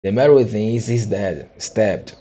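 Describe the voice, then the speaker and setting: Brief: male reader as a terrified pirate crewman, hollow voice, gibbering, dark tone, storybook reading. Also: on the low side, moderate pace, husky. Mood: frightened. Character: frightened adult male pirate sailor.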